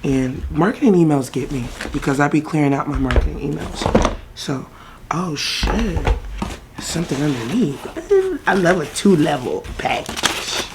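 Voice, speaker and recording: A woman's voice: low-pitched, moderate pace, very noisy. A woman vlogger chatting casually through a makeup haul, swearing freely and breaking into song now and then.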